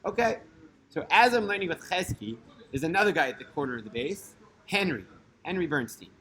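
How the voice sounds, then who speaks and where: Chatty man telling a story, voice riding high. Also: expressive, brisk, bright, forceful tone. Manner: conversational, with many fillers and restarts, mixing in Hebrew religious terms. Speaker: storyteller host. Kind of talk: casual spoken storytelling.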